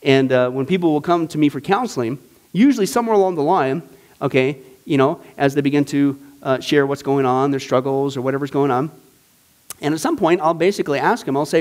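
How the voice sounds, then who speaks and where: A man teaching a Bible study class in a casual, animated way, full of jokes and enthusiasm. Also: fairly high pitch, fairly quick. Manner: animated, joking, enthusiastic with frequent fillers. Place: church classroom.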